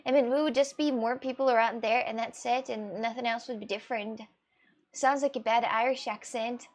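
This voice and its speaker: Woman, Russian accent, native Russian speaker, high voice, casual stream chat, rambling, expressive. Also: brisk. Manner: rambling and expressive, with frequent laughter and swearing. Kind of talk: casual chat, answering viewer questions.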